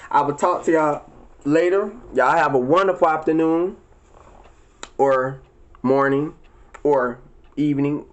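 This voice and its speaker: Male vlogger, profane and preachy rant, emphatic, with shrill high-pitched outbursts. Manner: leaps into high, shrill exclamations. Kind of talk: casual ranting monologue to viewers.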